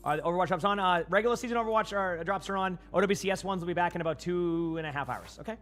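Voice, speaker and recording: A man's voice: high-pitched, fast, fairly bright tone, soft background music. A young man with a Boston accent giving casual, rambling live-stream commentary while playing and chatting with viewers on a headset mic.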